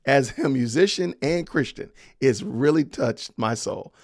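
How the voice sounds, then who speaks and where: Gravelly-voiced man chatting on a livestream. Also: mid-range voice, animated, a little slow, dry recording, studio quality. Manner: chatty, reads viewer comments aloud with laughs. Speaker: podcast host. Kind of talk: casual livestream chat.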